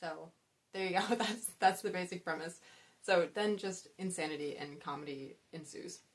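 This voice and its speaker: Young woman book vlogger, lower-pitched, chatty and rambling, casual and self-aware. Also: moderate pace. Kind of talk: casual book-tag chat.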